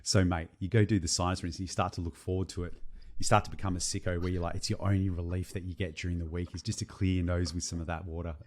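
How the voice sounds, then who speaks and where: A young man co-hosting a podcast, telling a story in an animated, profane, casual way. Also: sits low, quick pace. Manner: animated, swears freely, tells stories. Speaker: podcast co-host.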